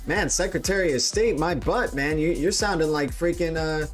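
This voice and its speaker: A man's voice: fairly high pitch, moderate pace, soft background music. Joking, rambling livestream host, a man. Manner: joking, rambling, many restarts. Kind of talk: casual crypto livestream chat.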